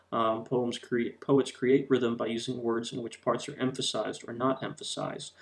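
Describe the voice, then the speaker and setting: A man explains a lesson over slides, pausing often on ums and uhs. His voice has a gravelly edge at a middle pitch. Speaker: teacher.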